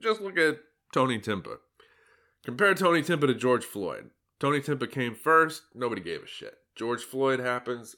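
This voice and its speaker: A man's voice: mid-range voice, sing-song, normal speed, sharp tone. A man giving sarcastic, mocking solo commentary on his own article, laughing at his own jokes.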